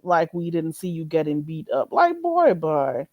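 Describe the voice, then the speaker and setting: Lively, mocking woman streamer. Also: low voice, a little slow, no room sound, dull audio. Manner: blunt, mocking and exasperated. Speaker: channel host. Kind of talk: livestream rant.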